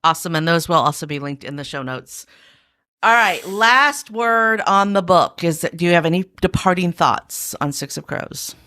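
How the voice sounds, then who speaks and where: A woman's voice: fairly low pitch, expressive, moderate pace, sharp tone. A woman hosting a podcast, steering the talk and speaking directly to the listeners. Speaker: podcast host. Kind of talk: casual podcast chat.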